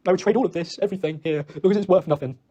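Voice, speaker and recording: Young British guy, choked up and self-blaming, mellow tone, talks in a fast spill. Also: high-pitched, lo-fi sound. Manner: rambling, self-reproaching, swears often. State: emotional, choked up. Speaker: ex-boyfriend leaving an apology message. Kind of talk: recorded personal voice message.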